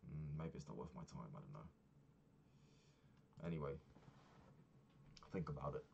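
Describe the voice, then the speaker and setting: A man's voice: very deep voice, lively intonation, normal speed, vocal fry, dark tone, muffled recording, a little hiss or hum. A man talking through his week in a casual diary vlog, rambling and swearing freely as he rants. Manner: rambling, profane ranting. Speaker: vlogger.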